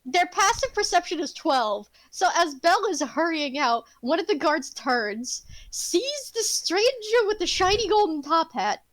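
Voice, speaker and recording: Woman game master narrating dice rolls, high voice, dry close sound, lively and laughy. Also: a little slow, few pauses, no room sound, rough recording. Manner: animated, laughing, casual swearing.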